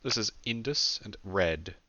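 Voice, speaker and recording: A man voicing a tense, formal male alchemist leader in an audiobook, forcing a calm manner. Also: on the low side, a little slow, no room sound, dull audio, voice pushed up, heavily acted. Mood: forced calm.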